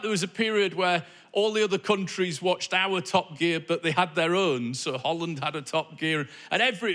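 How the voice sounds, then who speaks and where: Stand-up comic, man, wry and chatty with the crowd, high bright voice, on a stage mic. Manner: wry, conversational, observational asides to the crowd. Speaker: stand-up comedian. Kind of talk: stand-up comedy. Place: comedy club stage before a live audience.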